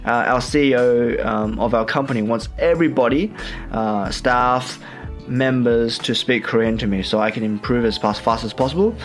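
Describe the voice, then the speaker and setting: A young man from Australia with an Australian accent, hosting a radio show in a chatty, relaxed way with many fillers. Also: medium pitch, moderate pace, faint music behind. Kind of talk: casual radio chat.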